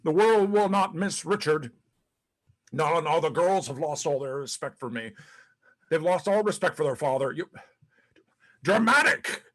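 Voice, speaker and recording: A man's voice: on the high side, expressive, a little slow, long pauses, a bit bright. A man playing a disgraced, paranoid ex-president in a one-man stage monologue, profane and rambling, stammering between bluster and self-pity. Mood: bitter, self-pitying. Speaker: actor in a one-man play. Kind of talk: live-streamed stage monologue.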